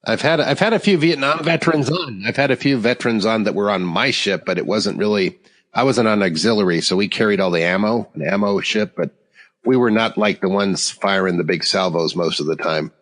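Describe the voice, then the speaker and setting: A man's voice: on the low side, a little fast, fairly bright tone, in a large hall. A man hosting a podcast, telling stories in casual chat and laughing through them. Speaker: podcast host.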